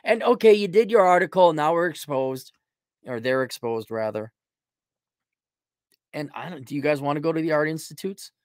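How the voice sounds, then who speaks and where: A man's voice: on the high side, lively intonation, moderate pace, pauses often, dry recording, clean studio sound. A middle-aged man hosting a livestream, giving rambling, sarcastic opinions in a casual way. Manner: rambling and sarcastic, mocks with put-on voices. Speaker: livestream host.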